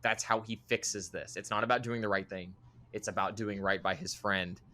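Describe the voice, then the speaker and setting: A man co-hosting a podcast in casual chat, acting out quoted lines with animated bursts. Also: lowish voice, moderate pace, slight background noise. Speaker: podcast co-host.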